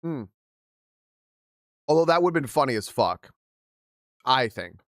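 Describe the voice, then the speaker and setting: A man's voice: mid-range voice, expressive, takes it slowly, a bit bright, dry recording, studio quality. A young man hosting a livestream, reading a post aloud and reacting in casual chat, laughing often and restarting his sentences. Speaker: livestream host.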